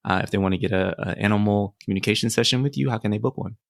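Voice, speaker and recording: A man hosts a podcast in a low, gravelly voice. The sound is close and dry. He closes the interview in a relaxed, casual way. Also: very fast, dry recording. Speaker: podcast co-host. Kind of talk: casual chat.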